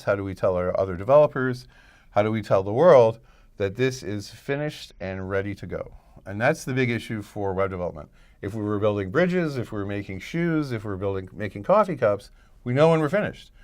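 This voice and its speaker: Low-voiced man lecturing casually. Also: lively intonation, fairly quick, a little mellow. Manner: conversational, thinks aloud with restarts and frequent "right?". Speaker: college professor. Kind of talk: recorded lecture.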